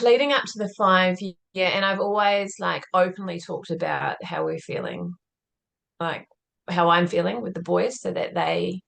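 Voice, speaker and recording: Woman guest on a podcast, lots of fry in her voice, earnest reflective storytelling, says like a lot. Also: on the low side. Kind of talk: conversational interview storytelling.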